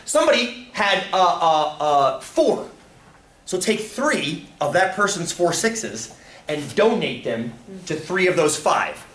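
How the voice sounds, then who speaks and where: A man teaching a lively classroom lesson, breaking into loud bursts of excitement. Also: sits high, slow pace. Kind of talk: classroom lecture. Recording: echoey classroom from far off.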